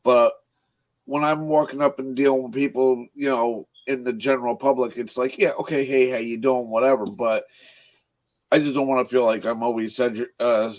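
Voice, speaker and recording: A man's voice: mid-range voice, fairly even intonation, moderate pace. Blunt man over dull remote audio. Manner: blunt, frank. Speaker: volunteer firefighter. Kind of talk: casual chat.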